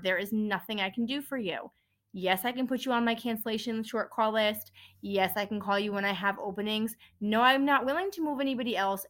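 A woman's voice: medium pitch, fairly bright tone. A woman who works in a dental office front desk, hosting her own podcast and venting bluntly with plenty of swearing. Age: adult parent. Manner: frustrated, blunt, swears often.

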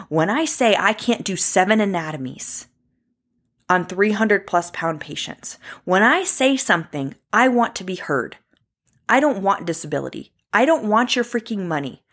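A traveling ultrasound tech in her thirties speaks directly to viewers in a personal vlog. She sounds impassioned and emphatic, with a medium-pitched voice.

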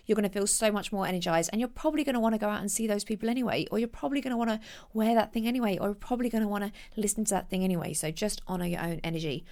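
A woman, giving casual self-help advice in a chatty, animated way and acting out quoted voices. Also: mid-range voice. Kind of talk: casual motivational talk.

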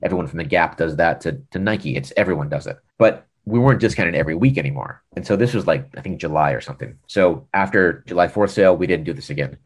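A man with a deep, low American voice recounts a business story in easygoing interview talk. He is a lively storyteller who slips into the voices of the people in his anecdotes. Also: fast, hardly any pauses, husky. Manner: animated storyteller, acts out quoted dialogue. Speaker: former e-commerce director, podcast guest.

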